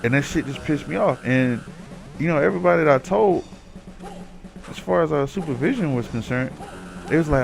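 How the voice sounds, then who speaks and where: A man's voice: fairly high pitch, expressive, fairly quick, gravelly, pauses often, soft background music. A man casually telling a long story over gameplay, cursing freely, rambling and growing heated as he rants. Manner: profane, rambling, gets heated while ranting. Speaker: gaming commentator.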